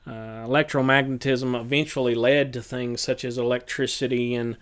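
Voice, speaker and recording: Halting male teacher reviewing for a test. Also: mid-range voice, little pitch movement, fairly bright tone. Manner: halting, many filler pauses; plain, matter-of-fact instruction.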